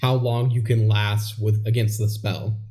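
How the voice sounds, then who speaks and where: A man's voice: fairly low pitch, flat delivery, measured pace, dark tone. A man co-hosting a podcast, chatting easily with dry asides as he recaps a movie. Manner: easygoing, dry asides, chuckles along. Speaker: podcast co-host. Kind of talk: casual chat recapping a movie.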